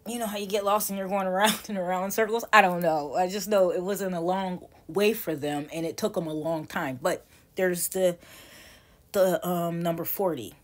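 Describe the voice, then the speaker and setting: A woman in her forties with a slightly low voice, teaching in a loose, chatty way. She rambles, doubles back and corrects herself mid-thought. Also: steady tone, normal speed. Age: 40s. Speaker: tarot teacher. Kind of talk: casual teaching.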